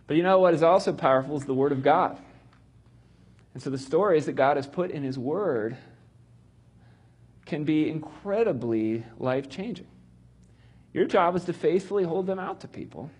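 A man's voice: a little high, animated, measured pace, long pauses, a little mellow, husky. A man teaching a church group about storytelling in a loose, chatty way, full of ums and little laughs. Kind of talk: casual teaching talk.

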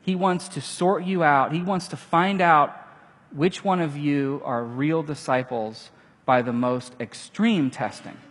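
A man preaching a sermon, animated, acting out the quoted lines with casual asides. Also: fairly high pitch, unhurried, breathy edge. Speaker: pastor. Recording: long hall reverb.

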